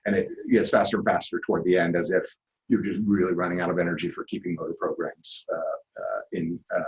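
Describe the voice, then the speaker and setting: A man giving a classroom lecture, explaining at a relaxed pace with lots of "uh" fillers. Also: deep voice, fast talker, muffled recording.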